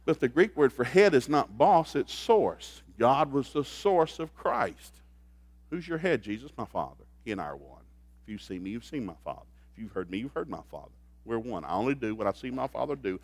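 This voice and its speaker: A middle-aged man preaching a humorous sermon on marriage, folksy and joking, swinging from quiet asides to loud bursts. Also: mid-range voice, very animated, brisk, no room sound. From grew up in a blue-collar factory family.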